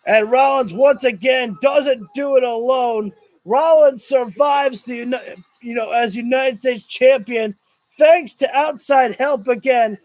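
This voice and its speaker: A man doing live watch-along commentary of a wrestling show, excitable, shouting and cursing at the action, sometimes tripping over his words. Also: very high voice, unhurried. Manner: rambling, stumbles over words.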